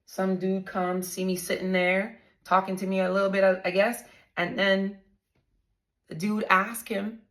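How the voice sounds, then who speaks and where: A woman's voice: medium pitch, level tone, a little slow, a bit bright. A woman vlogger candidly telling her own story to her viewers, blunt and profane, often calling them y'all.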